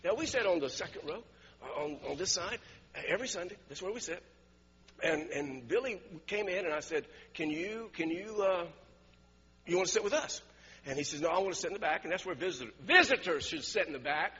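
A man's voice: sits high, expressive, a little fast, bright, forceful tone, slightly rough, in a large hall, muffled recording. A man preaching a sermon, telling stories with frequent chuckles and repeated words. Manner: storytelling, laughs often, repeats words. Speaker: pastor.

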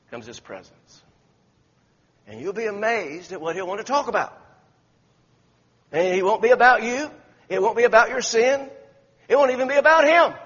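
A man's voice: high voice, fairly bright tone, husky. A man preaching a sermon in a church sanctuary, telling folksy stories with many restarts. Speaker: pastor. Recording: echoey church hall, dull lo-fi sound.

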